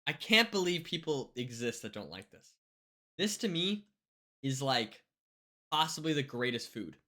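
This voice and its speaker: A woman livestreamer chatting casually with her viewers, reading their comments aloud and swinging between hyped outbursts and quiet mumbling. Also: extremely low pitch, very animated, unhurried. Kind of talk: casual live-stream chat with viewers.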